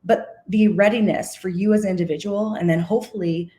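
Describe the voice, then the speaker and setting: A woman's voice: medium pitch, fairly even intonation, brisk, mellow. A woman giving a conference keynote in an earnest, impassioned way, correcting herself now and then and close to tears at times. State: emotional, near tears. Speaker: keynote speaker.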